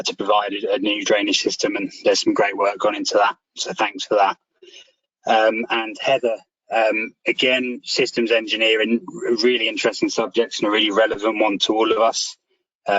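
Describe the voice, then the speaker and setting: A man chairing a meeting and thanking presenters over a video call, relaxed and halting with many ums. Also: on the low side, no room sound. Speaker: section chair hosting a meeting. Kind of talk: closing remarks on a video call. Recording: dull lo-fi call audio.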